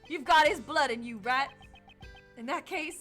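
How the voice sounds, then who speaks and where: Gruff middle-aged male mentor, put-on accent, encouraging, voiced by a woman. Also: high voice, a little slow, soft background music. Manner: warm encouraging advice.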